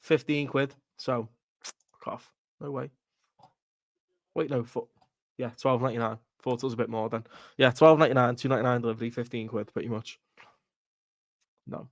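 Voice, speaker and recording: A man's voice: mid-range voice, steady tone, normal speed, pauses often, no echo. A man hosting a live football watchalong stream, ranting bluntly with swearing and laughter. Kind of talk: casual live stream chat.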